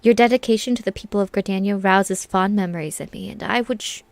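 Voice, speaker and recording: A woman's voice: mid-range voice, fast talker, a little mellow, no echo, pitched below the performer's own voice, lightly acted. A woman voicing a gracious elder woman who leads a forest city, reading formal lines aloud with small stumbles. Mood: solemn.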